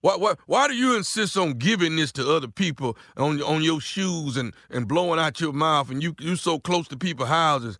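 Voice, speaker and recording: A man's voice: a little high, animated, normal speed, hardly any pauses, sharp tone, dry recording, studio quality. A man playing a grumpy, nagging older male neighbor on a prank phone call, stammering and repeating himself. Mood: stubborn. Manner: pleading then blustering, repeats himself, stammers. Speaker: prank caller.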